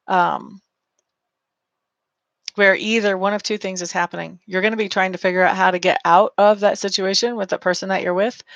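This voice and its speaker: A woman's voice: lowish voice, dry recording, lo-fi sound. A woman giving a live-streamed tarot reading, chatty and affectionate, calling listeners honey and reading out viewer comments. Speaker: tarot reader.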